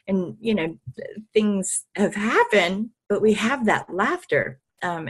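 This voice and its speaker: Animated, swearing woman guest. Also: fairly low pitch, slightly rough. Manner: animated, laughs often, swears freely. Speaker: podcast guest, healer. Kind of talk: casual interview storytelling.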